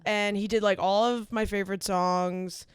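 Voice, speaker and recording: A woman's voice: medium pitch, fairly even intonation, moderate pace, clear, resonant tone, no echo. A young woman co-hosting a podcast in casual chat, enthusiastic and agreeable, saying "like" a lot. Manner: enthusiastic, agreeable, heavy use of "like". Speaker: podcast co-host.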